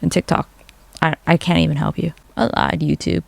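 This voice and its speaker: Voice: medium pitch, level tone, moderate pace, gravelly, no room sound. A vlogger in casual, rambling commentary, sarcastic and swearing constantly.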